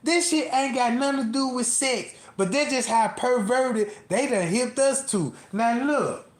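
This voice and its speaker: On his live stream, the host rants and rambles through profane tales, breaking into laughter frequently and throwing in aside after aside. He speaks at a measured pace in a very high voice.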